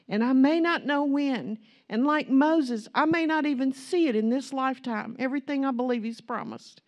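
Woman preacher, mellow and slightly high, storyteller who builds to passionate delivery. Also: moderate pace, muffled recording. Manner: impassioned storytelling, rising to emphatic preaching. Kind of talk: sermon.

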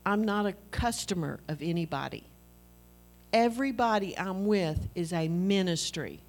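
A middle-aged woman preaching a sermon in an animated, conversational way, acting out little dialogues with her husband. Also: lowish voice, moderate pace.

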